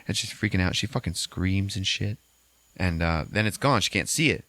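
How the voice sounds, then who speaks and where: A male podcast host telling a movie's plot in a loose, profane, animated way, his pitch leaping up and down as he goes. His voice sits low, and the recording is dry and close. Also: brisk, dry recording. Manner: animated storytelling, constant swearing. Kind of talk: profane casual movie recap.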